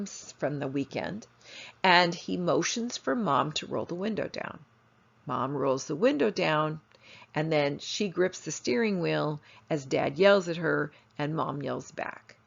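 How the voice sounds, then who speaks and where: A woman's voice: sits low, gravelly. A woman instructor telling stories in a lecture, acting out quoted voices as she goes. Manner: animated, acts out quoted voices in her stories. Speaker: family therapist and instructor. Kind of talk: storytelling lecture. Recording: dull lo-fi recording.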